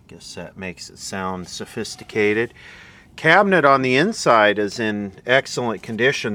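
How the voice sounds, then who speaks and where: Middle-aged male host, unhurried workshop narration, mumbled asides, clear resonant tone. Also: fairly low pitch, sharp tone. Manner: slow, mumbled asides, thinking aloud. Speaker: repair video host. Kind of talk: casual narration while inspecting equipment.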